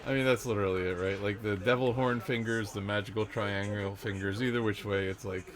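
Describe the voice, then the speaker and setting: A man's voice: on the low side, steady tone, a little fast. A man vlogging in a rambling casual monologue, trailing off and restarting often. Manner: rambling, trailing off, frequent fillers and self-restarts. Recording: background crowd chatter.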